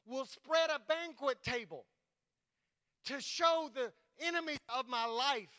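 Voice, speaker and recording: A man's voice: extremely high pitch, takes it slowly, pushed and bright. A pastor preaching a sermon to his congregation, emphatic and repeating his points.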